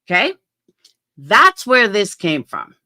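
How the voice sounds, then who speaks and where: A woman's voice: mid-range voice, wildly swooping pitch, takes it slowly, sharp tone. A middle-aged woman hosting a casual commentary vlog, talking bluntly and defensively and swearing freely. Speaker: YouTube commentary host.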